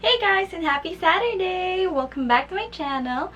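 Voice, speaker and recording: A woman's voice: very high-pitched, expressive, moderate pace, dull audio. A woman with a Filipino accent hosting a casual vlog lesson, bubbly and playful, giggling often and drawing out words as she pronounces them carefully. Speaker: vlogger teaching basic phrases. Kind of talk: casual vlog lesson, mixing Tagalog and English. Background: background music.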